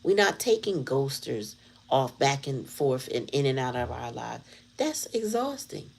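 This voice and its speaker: A woman's voice: very deep voice, very animated, a little slow, creaky, low-quality recording. A woman hosting her tarot channel, chatting casually and telling a story in a blunt, candid way with plenty of slang. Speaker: tarot reader and channel host. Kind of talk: casual livestream chat.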